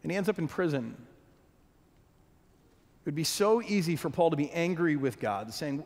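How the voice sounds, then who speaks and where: A man's voice: fairly high pitch, lively intonation, moderate pace, long pauses, a little mellow. A man preaching a sermon as a pastor, earnest, often restarting and repeating words as he goes. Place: church hall. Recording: long hall reverb.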